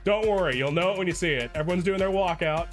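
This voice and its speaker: A man's voice: high-pitched, quick pace, faint music behind. Profane ranting young male streamer. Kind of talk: casual livestream commentary.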